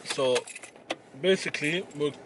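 A man's voice: fairly high pitch, measured pace, noisy background. A young man hosting a casual vlog, teasing and swearing in banter with a friend outdoors by a car. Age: young adult. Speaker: vlogger host.

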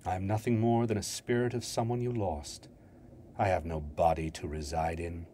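A man voicing a ghostly woman spirit, tender yet vengeful, speaking softly and in riddles in a dramatic story reading. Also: low voice, steady tone, slight background noise, lightly acted. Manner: soft, measured, riddling.

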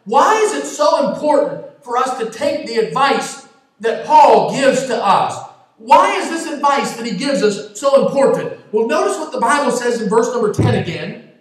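A man, a pastor, preaching a sermon and slowing down to stress key scripture phrases. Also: extremely high pitch, expressive. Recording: very echoey, distant mic.

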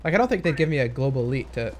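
A man's voice: mid-range voice, animated, very fast, very noisy. A young man casually commenting on gameplay footage, thinking aloud and hesitating with many fillers. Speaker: gaming commentator.

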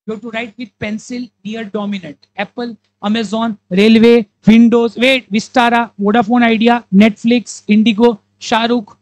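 A little high and flat in delivery, slightly mellow, this teacher with an Indian English accent quizzes students rapidly and playfully performs examples in character voices. There's no echo, and the recording is rough.

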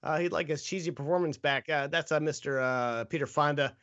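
A man's voice: on the high side, a little fast, fairly bright tone, no echo, lo-fi sound. A man hosting a casual comedic movie review podcast, reading scripted jokes with stumbles and laughs. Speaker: podcast host.

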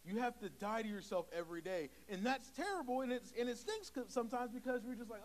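A man's voice: very high-pitched, animated, fast, hardly any pauses, rough recording. A young man preaching a sermon in a church, talking casually and acting out short quoted exchanges. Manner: conversational, acts out little quoted dialogues. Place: church sanctuary.

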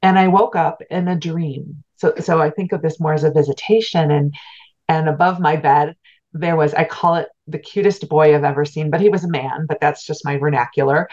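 Low-voiced middle-aged woman, earnest storytelling. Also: fairly even intonation, moderate pace, a little mellow, highs cut off. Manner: earnest, heartfelt and reflective. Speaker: guest, spiritual teacher. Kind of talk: personal storytelling in a podcast interview.

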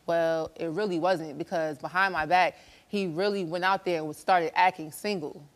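Lower-voiced woman telling her story. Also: moderate pace. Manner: animated storytelling, acting out quarrels. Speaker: talk show guest. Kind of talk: emotional talk show retelling. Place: television studio stage.

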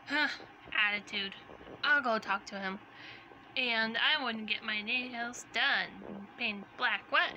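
A woman voicing every character in a homemade fan play, excitable and switching from voice to voice. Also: a little high, slow pace, slight background noise, poor audio.

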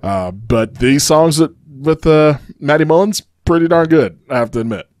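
A man's voice: on the high side, animated, normal speed, a little mellow, dry recording, clean studio sound. A man co-hosting a casual podcast, chatting loosely with frequent fillers and easy laughs. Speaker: podcast co-host. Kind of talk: casual chat.

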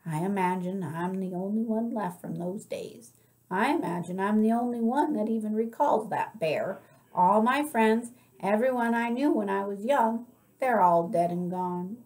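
A woman reading aloud, voicing an old woman librarian who tells a slow, wistful story with dramatic swells. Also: medium pitch, a little mellow, natural voice.

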